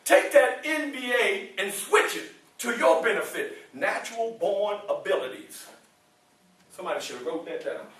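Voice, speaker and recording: A high-voiced motivational speaker delivers a lively talk to students in an indoor room, speaking at a normal pace. He playfully teases them, laughs often, and asks questions before pausing for their answers. The room is very echoey and the mic sits far away.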